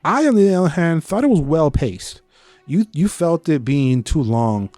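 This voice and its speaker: A man's voice: a little high, lively intonation, unhurried, darkish tone, dry recording, faint music behind. A man co-hosting a podcast, chatting casually about a movie. He swears, acts out his own reactions, and mixes Spanish slang into his English. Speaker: podcast co-host. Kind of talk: casual movie review chat.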